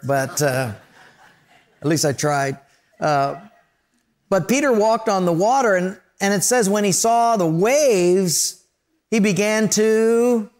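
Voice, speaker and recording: A man preaching a sermon, telling stories and acting out voices and sounds along the way. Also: on the high side. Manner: storytelling preacher, acts out voices and sound effects. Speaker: pastor.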